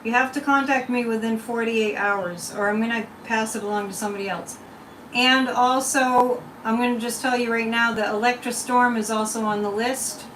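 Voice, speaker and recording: A woman's voice: fairly high pitch, fairly even intonation, moderate pace, a bit bright, distant mic, slight background noise. A woman psychic hosting a casual livestream card and tea leaf reading, chatting and rambling straight to her viewers. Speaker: psychic reader and channel host. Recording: roomy sound from away from the mic.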